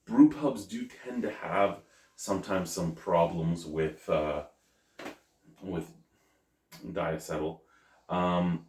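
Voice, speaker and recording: Man, lowish voice, casual beer-review vlogger, rambling and self-correcting, recorded a bit off-mic in an echoey room. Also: fairly even intonation, slow pace, darkish tone. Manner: chatty, self-correcting, thinks aloud. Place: at home. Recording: roomy, mic at a distance.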